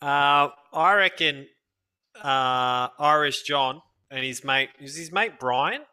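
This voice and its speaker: A man talking as a guest on a casual podcast, relaxed and laughing, animated when telling stories. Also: a little high, slow, smooth.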